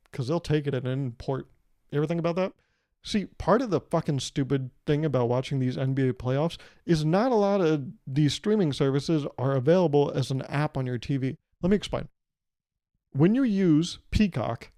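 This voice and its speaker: A man's voice: a little high, dark tone, dry recording, clean studio sound. A young man hosting his own podcast, rambling through a casual, profane and jokey monologue. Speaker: podcast host.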